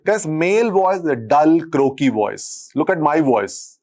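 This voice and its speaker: A male medical lecturer with an Indian accent and a husky, deep voice, dictating notes and repeating phrases as he teaches. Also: big pitch swings, a little slow, darkish tone. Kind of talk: classroom lecture.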